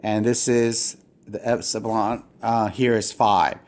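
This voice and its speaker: A man's voice: fairly low pitch, fairly even intonation, takes it slowly, a little mellow. A man teaching a recorded lesson on Greek syllable rules, explaining patiently with frequent fillers and restarts. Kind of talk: recorded classroom lecture.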